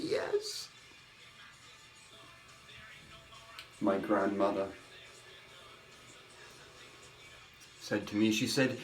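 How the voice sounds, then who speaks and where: A man voicing an eccentric, melodramatic older woman who rambles theatrically, swinging between loud outbursts and hushed asides. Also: on the high side. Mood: indignant. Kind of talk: comic character monologue. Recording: roomy echo with faint music.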